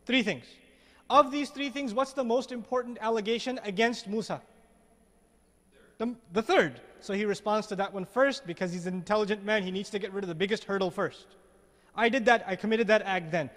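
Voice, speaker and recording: A man with a very high voice tells a sermon as a lively story. He keeps asking the audience rhetorical questions. His voice rings with a long reverb, as if in a large hall. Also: a little fast. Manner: animated, many rhetorical questions. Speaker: preacher.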